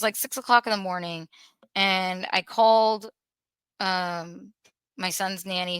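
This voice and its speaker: A woman telling a painful personal story in an emotional, earnest way, pausing and restarting as she holds back tears. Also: mid-range voice, sharp tone, smooth, no echo. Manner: earnest, halting, with restarts and pauses. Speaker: podcast guest sharing a personal story.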